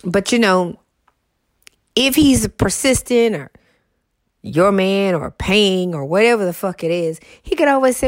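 A woman's voice: mid-range voice, expressive, measured pace, no room sound. A woman, telling a story and giving blunt, profane advice in casual talk, a little congested. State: congested, mouth breathing.

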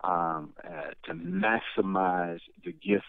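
A middle-aged man answers interview questions in an animated, motivational way, restarting his phrases as he goes. His voice comes through a thin, tinny phone line. The sound is dry. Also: low-pitched, slow, vocal fry, clean tone, no echo. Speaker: guest. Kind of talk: conversational interview.

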